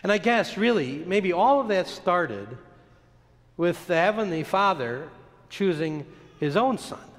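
Lively-voiced male preacher in a reverberant hall. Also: high voice. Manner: expressive, dramatic storytelling with slow emphatic pauses. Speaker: pastor. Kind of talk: sermon.

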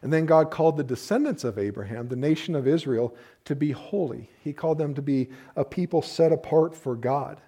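This pastor's voice is fairly high, brisk, and dark in tone. He preaches conversationally, dropping playful asides and dramatizing the lines he quotes.

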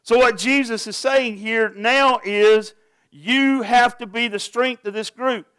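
A man's voice: extremely high pitch, steady tone, takes it slowly, a bit bright, smooth, no echo. A pastor preaching a sermon to his congregation, earnest and asking them direct questions.

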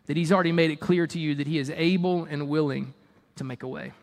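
A man with a high voice preaches a sermon in a conversational, emphatic way. He breaks into joking, mock-exasperated asides. His voice rings out with the long reverb of a large hall. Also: fast.

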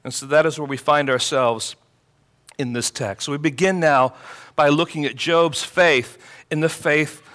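A man's voice: a little high, fairly even intonation, a little slow, a bit bright. A man preaching a sermon, explaining a scripture text with emphasis when quoting it. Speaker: pastor.

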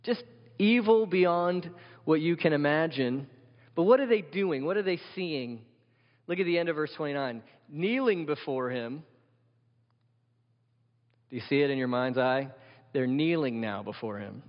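A man's voice: a little high, measured pace, long pauses. Male pastor, emphatic sermon delivery, questioning the congregation, dull lo-fi sound with long hall reverb.

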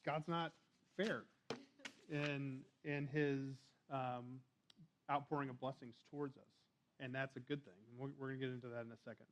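Male preacher, easygoing conversational sermon, middle pitch, a bit lo-fi. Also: steady tone, moderate pace, slight background noise. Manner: conversational, restarts and fillers, reads scripture aloud.

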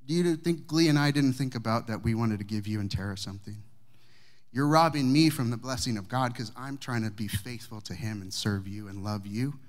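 A man voicing a kindly, generous older churchgoer who speaks in a lower, earnest tone. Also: lightly acted.

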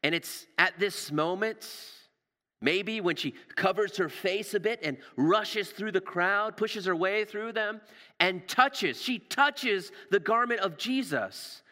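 A man preaching a sermon with passion, repeating words and dropping to a hush for emphasis, recorded in a church. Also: high-pitched, slow. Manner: impassioned, repeats words, drops to hushed emphasis. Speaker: pastor. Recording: long reverb of a large hall.

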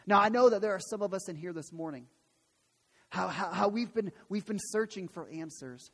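A male pastor with a high, slightly bright voice preaches a sermon at normal speed in a church sanctuary, earnest and emphatic, repeating phrases for weight. Long hall reverb fills the recording.

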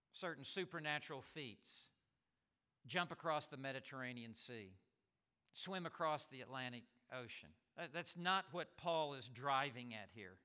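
Emphatic high-voiced preacher in a hall. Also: male voice, bright, forceful tone, clear, resonant tone. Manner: emphatic, repeats and stresses words, stammers on restarts. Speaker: pastor. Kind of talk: sermon. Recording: long reverb of a large hall.

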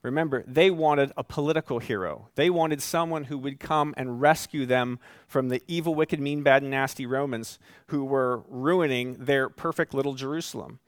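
A male pastor preaching a sermon, moving from calm teaching to loud, rising emphasis and reading scripture with slow, weighted endings. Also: mid-range voice, dry recording, studio quality.

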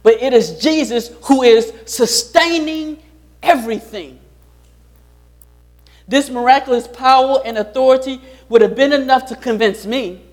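A man's voice: very high voice, measured pace. A pastor preaching a sermon, repeating his key lines and putting rhetorical questions to the congregation.

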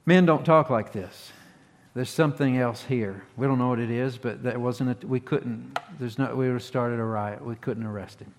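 A man's voice: medium pitch, moderate pace, slight background noise. Folksy preacher man in a reverberant hall. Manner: folksy, plainspoken, restarts often, animated emphasis. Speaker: pastor. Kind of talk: conversational sermon.

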